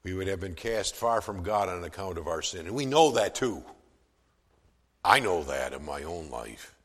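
A man's voice: deep voice, expressive, normal speed, husky. Male pastor preaching in a reverberant church. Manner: swells from soft to loud for emphasis, with some stammered restarts. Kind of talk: sermon.

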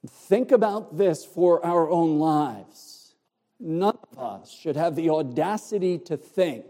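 A man preaches verse by verse, stressing each word with deliberate emphasis. His voice is dark and mellow, though pitched a touch high. The sound carries a long reverb, as in a church hall. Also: lively intonation. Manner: explains Greek words, emphatic and deliberate. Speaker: pastor. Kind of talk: expository sermon.

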